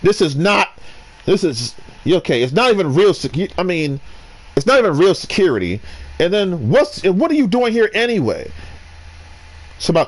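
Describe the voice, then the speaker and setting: A man ranting while commentating his gameplay, restarting sentences and swinging between loud outbursts and low muttering. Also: big pitch swings, moderate pace, long pauses. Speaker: gamer.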